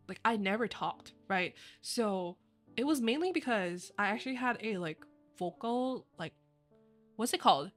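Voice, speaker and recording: A woman's voice: medium pitch, fairly bright tone. A young woman streamer chatting casually with viewers, rambling with lots of fillers and giggling often. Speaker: virtual streamer. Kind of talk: casual livestream chat.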